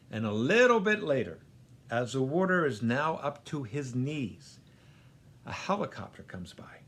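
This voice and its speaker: A man hosting a show, telling a parable joke in a dramatic, drawn-out way. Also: medium pitch, a bit bright. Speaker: host.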